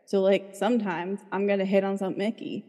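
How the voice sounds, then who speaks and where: A woman's voice: mid-range voice, flat delivery, quick pace, mellow, in a large hall. A woman therapist talking casually in an interview, chatty and full of "like.". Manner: chatty, fills speech with "like". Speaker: licensed therapist, guest.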